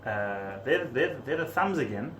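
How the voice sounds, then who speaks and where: A man hosts a relaxed podcast, joking and chatting as he stumbles over names. He sits back from the mic, so his voice has a roomy echo. A faint hum of noise runs underneath. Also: mid-range voice, measured pace, far from the mic. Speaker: podcast host. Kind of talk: casual chat.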